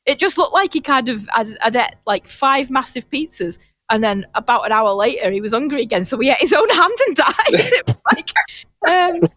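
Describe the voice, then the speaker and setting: A woman's voice: high voice, very animated, normal speed, a bit bright, no room sound. A woman co-hosting a podcast, chatting casually about films in a rambling way and laughing through her words. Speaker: podcast co-host.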